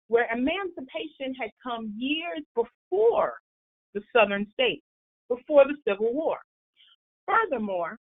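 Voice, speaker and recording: Woman lecturing over a tinny line. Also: fairly high pitch. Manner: explanatory, storytelling lecture. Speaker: historian and presenter. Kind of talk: library history talk.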